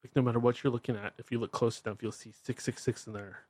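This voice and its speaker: A man's voice: medium pitch, fairly even intonation, fast talker, a little mellow, no echo. A man with a Pacific Northwest American accent hosting his show, ranting bluntly and irreverently. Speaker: podcast host. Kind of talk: ranting monologue.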